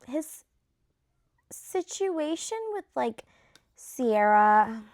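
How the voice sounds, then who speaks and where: Here the young vlogger, still rating the reality show cast, talks extremely slowly in a slightly high, expressive voice. She's gushy and conversational, full of "like" and swearing, and her voice is going, leaving it a little worn.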